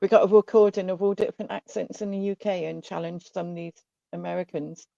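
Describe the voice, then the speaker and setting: A woman's voice: on the low side, fairly even intonation, fairly quick, creaky, warm tone, dry recording. West Country woman, dull lo-fi mic. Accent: West Country English. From England, Bristol. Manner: eager, cuts in with stories. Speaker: livestream panelist. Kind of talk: casual chat.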